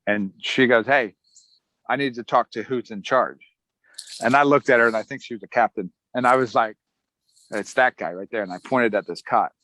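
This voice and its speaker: A man's voice: medium pitch, moderate pace, no room sound, low-quality recording. A middle-aged man, an Army veteran, telling his story casually in an interview, acting out other people's lines with a chuckle. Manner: relaxed, chuckling, acts out quotes of others.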